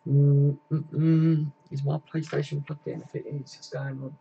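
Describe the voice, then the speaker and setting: Young male stream host, gravelly and a touch high, casual and profane, lo-fi home recording. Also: flat delivery, moderate pace, warm tone. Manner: chatty and matey, swears often, reads chat aloud. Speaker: livestream host. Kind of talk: casual live-stream chat. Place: home computer setup.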